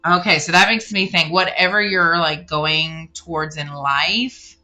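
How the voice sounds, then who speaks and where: A woman's voice: lowish voice, steady tone, a little slow. A woman giving a casual spiritual card reading, rambling and correcting herself as she speaks straight to the listener. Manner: rambling, self-correcting, warm addressing of listener. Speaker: tarot card reader.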